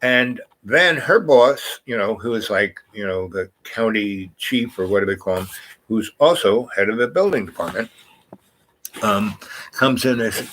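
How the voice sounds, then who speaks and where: A man's voice: lowish voice, expressive, normal speed, a bit bright, low-quality recording. A man hosting a vlog, telling a meandering personal story with lots of fillers and restarts. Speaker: vlog host.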